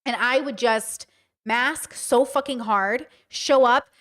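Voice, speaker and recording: A woman's voice: on the high side, slow, a bit bright. A woman in her thirties hosting a casual livestream, talking candidly and swearing freely as she answers her chat. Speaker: streamer host.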